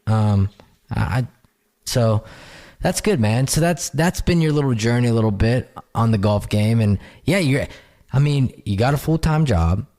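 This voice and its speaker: A man's voice: mid-range voice, animated, normal speed, mellow. A man hosting a podcast, chatting casually and easygoing with his guest. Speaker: podcast host. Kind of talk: casual chat.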